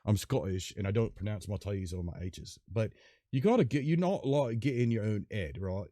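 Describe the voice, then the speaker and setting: A man's voice: mid-range voice, rapid-fire, dry recording, natural voice. Give me a man playing a zany pirate with a botched Scottish accent, pumped up, on a dry close mic. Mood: pep talk. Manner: pep-talk, coaching, excitable.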